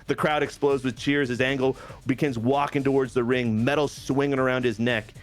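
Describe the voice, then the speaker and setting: A man's voice: mid-range voice, moderate pace, hardly any pauses, faint music behind. Man recapping game matches, getting over a cold. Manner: lively play-by-play recap with asides. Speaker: game player and general manager. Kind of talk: casual narration of a game storyline.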